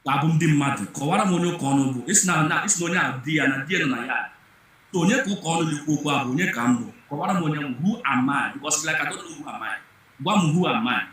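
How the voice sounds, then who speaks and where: A man's voice: a little high, very fast, fairly bright tone, very echoey. A Nigerian man arguing insistently in a live online discussion, firing off rhetorical questions and repeating himself. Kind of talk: heated live-room debate in Pidgin and Igbo mix.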